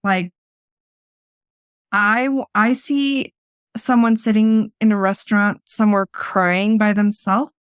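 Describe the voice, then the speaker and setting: A woman's voice: mid-range voice, fairly even intonation, slow pace, long pauses, smooth, no room sound, clean studio sound. A woman hosting a podcast in casual chat, talking freely and laughing often as she restarts her sentences. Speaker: podcast host.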